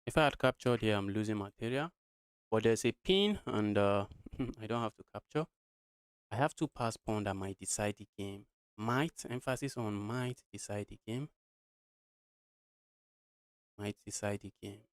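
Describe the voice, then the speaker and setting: A man's voice: fairly low pitch, animated, normal speed, clear, resonant tone, dry recording. A young man from Nigeria streaming live chess, thinking aloud through lines of play and talking to his viewers as guys.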